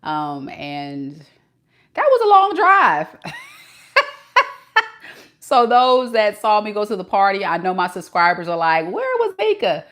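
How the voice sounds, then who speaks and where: A woman in her forties from Southern California, with a light Mississippi twang, does tarot readings and chats casually with viewers on a live stream, laughing often. Her mid-range, fairly bright voice is sing-song and slow, with frequent pauses.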